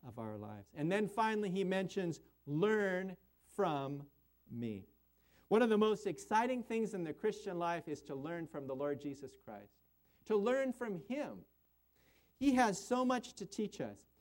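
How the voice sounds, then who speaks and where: High-pitched guy pastor giving a sermon, earnest, does voices for the quotes. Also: a little mellow. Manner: earnest, acts out prayers and quotes in changing voices.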